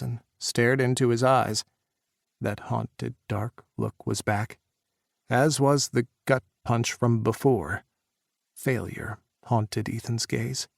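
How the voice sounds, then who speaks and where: A man narrating an audiobook in a measured, even reading voice. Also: medium pitch, gravelly, no echo, clean studio sound.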